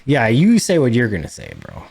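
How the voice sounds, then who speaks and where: A man's voice: medium pitch, wildly swooping pitch, fairly quick, creaky, a little mellow, slightly rough. A man co-hosting a podcast in casual chat, laughing often and poking fun at himself. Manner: self-deprecating, laughs often. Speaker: podcast co-host.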